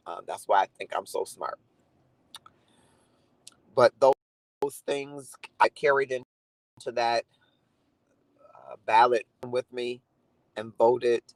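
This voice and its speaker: A man's voice: lowish voice, no room sound, poor audio. A man talking earnestly and reflectively to viewers on a live stream, greeting commenters by name. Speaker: livestream host. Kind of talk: casual live chat to viewers.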